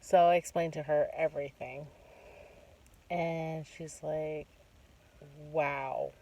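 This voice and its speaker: A woman's voice: sits low, flat delivery, slow pace, dark tone. A woman talking casually, retelling a job interview with many quoted asides and personal reflections. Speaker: vlogger. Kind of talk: casual storytelling monologue. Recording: distant mic with faint background noise.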